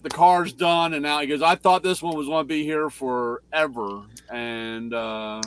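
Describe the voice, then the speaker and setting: Rambling man with halting speech. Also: medium pitch, steady tone, a bit bright. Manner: rambling, hesitant with many fillers. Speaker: co-host. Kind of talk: casual chat.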